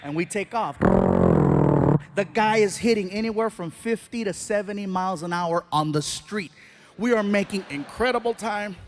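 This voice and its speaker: A man telling stand-up stories on a live stage, animated and acting out voices and shouts. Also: high voice, normal speed, gravelly, very noisy. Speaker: stand-up comedian. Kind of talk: stand-up storytelling. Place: live stage before an audience.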